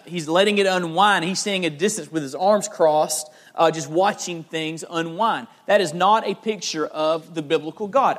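A man's voice: high voice, a bit bright. A man preaching a sermon as pastor, earnest and emphatic, often repeating words as he presses a point.

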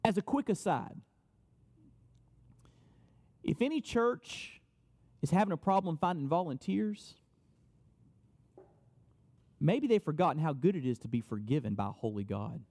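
High-voiced emphatic male preacher. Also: very animated, darkish tone, long reverb tail. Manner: emphatic, repeats key phrases, quick asides. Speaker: pastor. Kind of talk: sermon.

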